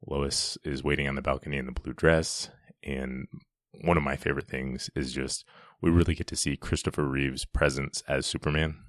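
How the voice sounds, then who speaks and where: A man's voice: a bass voice, no room sound, clean studio sound. A man giving a casual, enthusiastic commentary on a film scene, chatty and often restarting his sentences.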